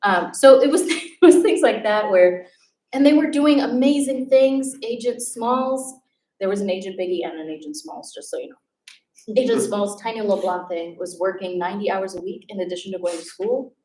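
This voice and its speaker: A woman who used to teach, telling lively classroom stories to an audience and acting out her students' voices. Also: mid-range voice, normal speed. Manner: animated, acts out students' voices. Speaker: former teacher giving a talk. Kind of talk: storytelling talk to an audience. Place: event hall. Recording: roomy, distant from the mic.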